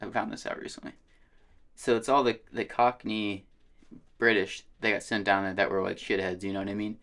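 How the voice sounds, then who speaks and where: Casual podcast co-host, male, low-pitched, loose storyteller who swears freely. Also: fairly quick. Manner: laid-back, swears a lot, animated storytelling. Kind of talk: casual chat.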